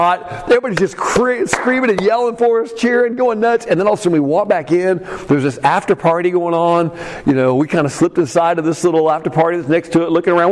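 A man preaching a sermon as a pastor, telling a personal story with many fillers and some shouted peaks. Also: on the high side. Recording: long hall reverb.

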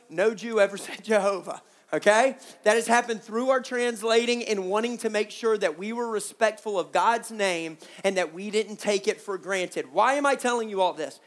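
A preacher giving a sermon at a youth camp, with joking asides to the crew and audience, slowing down to stress key words. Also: mid-range voice. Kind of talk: sermon with slides.

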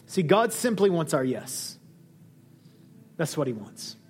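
A man preaching a sermon as a pastor, animated, acting out the dialogue he quotes. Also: slow pace, slightly rough, soft background music. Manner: lively, acts out quoted dialogue with shifting pitch. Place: church hall.

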